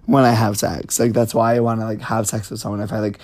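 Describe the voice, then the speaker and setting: A man's voice: fairly low pitch, level tone, fast talker, darkish tone, no echo. A man in his twenties talking casually as a podcast guest, chatty and frank, filling his talk with "like". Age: 20s. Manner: chatty, campy and frank, lots of "like".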